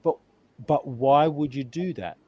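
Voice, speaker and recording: A man's voice: on the high side, expressive, unhurried, no room sound, lo-fi sound. A man voicing a curious male alien who asks earnest, puzzled questions about human emotions, told over a video call.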